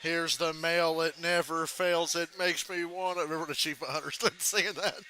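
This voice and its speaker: High bright guy streaming, bouncy voice, keeps laughing while he tells stories. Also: normal speed. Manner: animated storyteller, yells quoted rants, laughs often. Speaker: live reaction streamer. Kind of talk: casual live reaction chat.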